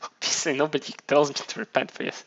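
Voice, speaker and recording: A man's voice: fairly high pitch, little pitch movement, fast talker, fairly bright tone, highs cut off. A man casually chatting on his live stream, rambling and swearing, often restarting his sentences. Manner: rambling, profane, self-mocking, many restarts.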